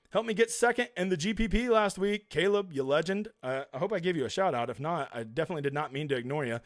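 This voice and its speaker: A man's voice: a little high, no room sound. Man, streamer, casual chat, reads and answers comments, blunt, dry close sound. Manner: chatty, reads viewer comments aloud and answers them; emphatic and blunt. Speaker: live stream host.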